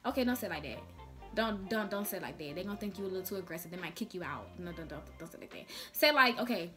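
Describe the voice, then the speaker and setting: A woman's voice: on the low side, expressive, racing, fairly bright tone, soft background music. A young woman giving casual advice in a chatty vlog, speaking in slang and acting out little dialogues. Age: young adult. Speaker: vlogger.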